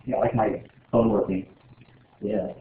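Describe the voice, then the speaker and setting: A man's voice: on the low side, little pitch movement, a little slow, slight background noise. Rambling, joking male chemistry teacher. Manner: rambling, joking, full of "like" fillers. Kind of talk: casual classroom lecture. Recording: echoey room over a tinny, phone-like line.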